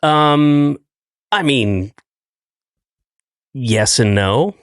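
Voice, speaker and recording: A middle-aged man hosting a podcast in casual chat, teasing his guest with a dry, deadpan manner. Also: mid-range voice, drawn-out words, clear, resonant tone, dry recording. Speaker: podcast host.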